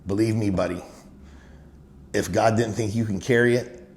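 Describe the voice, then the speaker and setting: A man's voice: on the low side, fairly even intonation, normal speed, a little mellow. A middle-aged man telling stories in an interview, speaking emphatically and leaning on "you know" fillers. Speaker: business owner guest. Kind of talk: candid interview storytelling. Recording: echoey room with faint noise.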